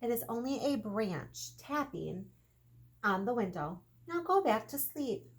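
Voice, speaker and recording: A woman's voice: on the high side, sing-song, measured pace, husky, exaggerated voice. A woman voicing a weary, grumpy older male mouse who gives short, sleepy refusals.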